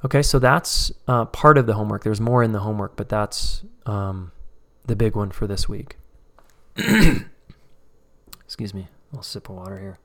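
A man's voice: on the low side, fairly even intonation, moderate pace, a bit bright. A man teaching a live online course, talking casually and acting out short example conversations as he explains. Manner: conversational, acts out dialogues. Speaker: course instructor.

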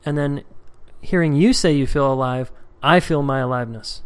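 A man's voice: mid-range voice, moderate pace, smooth. Casual, candid male coach. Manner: casual, candid, reads out members' comments; acts out little dialogues with shifting voices. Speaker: coach leading a members' group call. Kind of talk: live coaching call with Q&A.

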